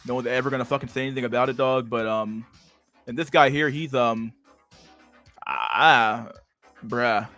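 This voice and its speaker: A man's voice: mid-range voice, moderate pace, long pauses, bright, forceful tone, no echo, soft background music. A man hosting a casual livestream, rambling crudely and swearing as he reacts to memes. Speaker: livestream host.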